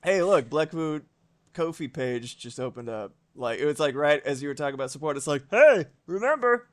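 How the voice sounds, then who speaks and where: Brisk and medium-pitched, a man in his thirties talks with viewers while he animates on stream. The chat is relaxed and loose; he reads comments out loud and swears casually from time to time.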